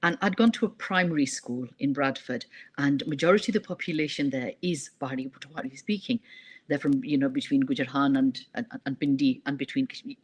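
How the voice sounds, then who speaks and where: A woman, a poet and writing teacher, reading her poem and telling animated stories in a radio interview. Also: low-pitched, breathy edge. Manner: animated storytelling, mixes languages.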